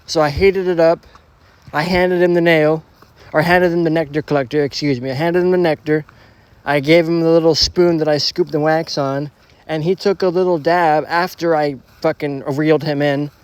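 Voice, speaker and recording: A man's voice: on the high side, fairly even intonation, moderate pace, smooth, no room sound. A young man rambling through a casual storytime monologue, slangy and profane, full of restarts. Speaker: storytelling vlogger.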